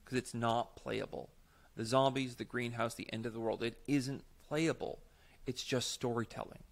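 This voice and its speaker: A man's voice: medium pitch, fairly even intonation, moderate pace, creaky. A man co-hosting a podcast, explaining improv technique in casual, emphatic chat. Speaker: podcast co-host, improv teacher.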